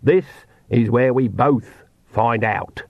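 A man voicing a stern old witch, blunt and wry in a brisk commanding way. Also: mid-range voice, vocal fry, no room sound, phone-quality sound. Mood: dry commanding.

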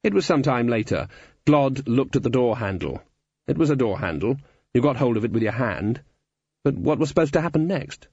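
Casting: wry male narrator, mid pitch, dry and muffled audiobook. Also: expressive, moderate pace, darkish tone, slightly rough, no echo. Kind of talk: storybook narration.

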